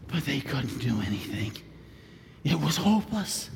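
A man preaching a sermon, retelling a story theatrically and swinging between shouts and whispers. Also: high-pitched, animated, moderate pace, slightly rough. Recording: long reverb of a large room.

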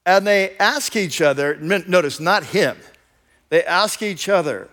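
A man's voice: high voice, lively intonation, a little slow, a bit bright. A male pastor preaching a sermon in a conversational, enthusiastic storytelling manner.

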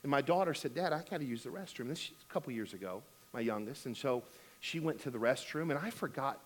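A man's voice: mid-range voice, animated, fast talker. A middle-aged man preaching a sermon as pastor, telling a funny family story and then urging giving with emphatic exhortation.

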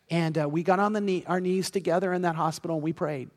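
A man with a notably high, light voice preaches a sermon, telling a personal story in an earnest way and driving his points home through repetition. His voice rings out with a long, lingering reverb, as in a large church sanctuary. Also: steady tone, brisk. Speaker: pastor.

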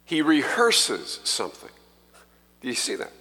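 Male pastor, sermon delivery, slow and emphatic, bright tone, long church reverb. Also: a little high, wildly swooping pitch. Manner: slow, emphatic preaching that rises when quoting scripture. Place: church sanctuary.

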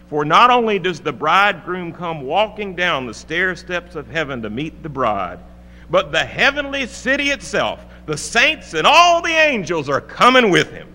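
A man preaching a sermon with a fairly high, lively voice and a bright, forceful edge. He swings dramatically from soaring peaks to hushed lines. The sound carries a long reverb in a church hall, with a faint hum underneath.

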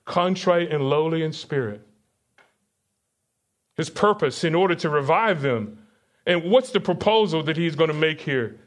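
A man's voice: a little high, expressive, unhurried, pauses often. Man preaching a teaching sermon. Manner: teaching with questions to the congregation, reading verses aloud. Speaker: pastor. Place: church sanctuary.

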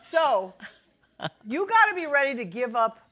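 A woman's voice: high-pitched, big pitch swings, a little slow, pushed and bright. A middle-aged woman giving a humorous devotional talk, playful and self-mocking, laughing often. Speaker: Bible teacher.

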